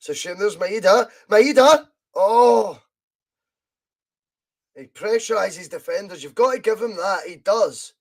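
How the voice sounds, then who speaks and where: A Scottish man hosting a football podcast, giving live fan commentary on a match, chatty and reading out viewer comments, with excited bursts at chances. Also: sits high, moderate pace, few pauses.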